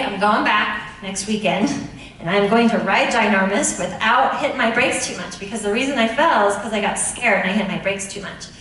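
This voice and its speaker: A woman principal speaks to an assembly of students in a friendly, instructive way and keeps asking them questions. Her voice sits a little high and rings through a very echoey hall, picked up from some distance with faint noise underneath. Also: a bit bright. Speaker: middle school principal. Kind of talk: addressing students at a school assembly. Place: large echoey school room.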